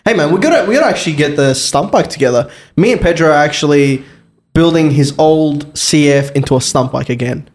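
A man's voice: on the high side, expressive, a little fast. A man co-hosting a podcast about motorbikes, chatting casually, swearing freely and acting out anecdotes. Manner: laid-back, swears freely, acts out anecdotes. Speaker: podcast co-host. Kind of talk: casual chat.

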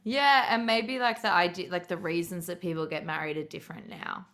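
A woman around thirty, co-hosting a podcast in animated casual chat, swearing freely. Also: fairly low pitch, a little fast. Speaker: podcast co-host.

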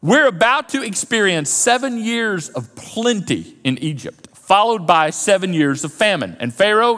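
Animated male preacher in a reverberant hall. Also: high voice. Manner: animated storytelling, acting out quoted voices. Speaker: pastor. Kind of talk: sermon. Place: church auditorium.

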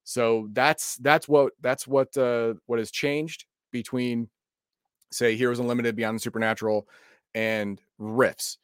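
Male co-host, mid-pitched, rambling, lots of restarts, dry close sound. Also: steady tone, unhurried, clean tone, no echo. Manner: rambling, many restarts and filler. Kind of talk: casual explanation.

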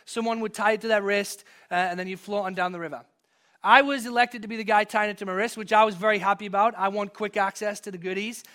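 Speaking fast, a non-US pastor delivers a sermon from the pulpit, his voice high and bright. Scripture readings mix with easygoing personal anecdotes, and he climbs to emphatic peaks when driving home key points.

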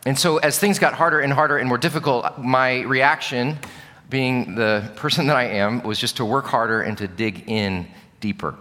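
A man's voice: medium pitch, normal speed, pushed and bright. Man preaching in a large hall. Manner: earnest storytelling, candid and reflective. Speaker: pastor. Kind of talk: sermon. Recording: long reverb of a large hall.

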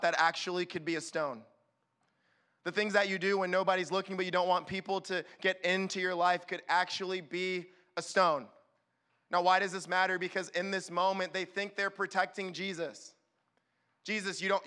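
High, bright-voiced young pastor preaching. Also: male voice, clean tone. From California. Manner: animated, acts out quick voices. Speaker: youth pastor. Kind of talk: sermon.

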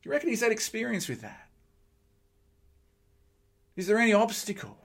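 Animated preacher, man. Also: high voice, normal speed, vocal fry. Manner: animated, joking asides to the congregation. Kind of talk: sermon.

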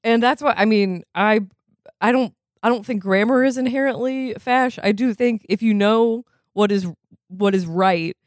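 A woman's voice: a little high, moderate pace, no room sound, clean studio sound. A young adult woman co-hosting a podcast in casual chat, laughing easily and restarting her sentences often. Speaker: podcast co-host.

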